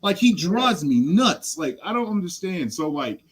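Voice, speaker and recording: A man's voice: sits high, sing-song, measured pace, slightly rough, low-quality recording. A man talking as a podcast guest in casual sports chat, passionate, blunt and rambling.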